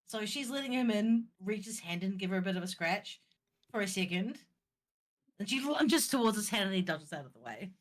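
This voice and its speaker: Woman player, rapid chatty talk, lots of fillers. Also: medium pitch, expressive. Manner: quick and chatty, with many fillers. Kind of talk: tabletop game chat.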